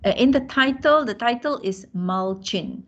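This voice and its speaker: A woman lecturer with a Malaysian accent, teaching a class and pausing often with fillers and restarts. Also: mid-range voice, expressive, a bit bright. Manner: hesitant, many fillers and restarts. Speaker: university lecturer. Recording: dull lo-fi sound.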